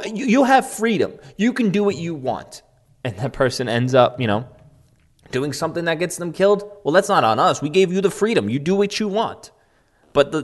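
A man talking as a political commentator in casual, rambling commentary, sarcastic and mocking, with many fillers like "um" and "like". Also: a little high. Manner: sarcastic and mocking, sometimes laughing. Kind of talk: casual commentary reading out online posts.

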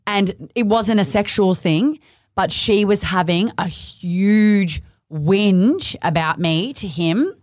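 A woman in her twenties with an Australian accent, co-hosting a podcast, blunt and animated as she tells stories. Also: mid-range voice, takes it slowly, dry recording, clean studio sound. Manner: blunt, animated storytelling, swears freely. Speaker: podcast co-host. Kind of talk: casual chat.

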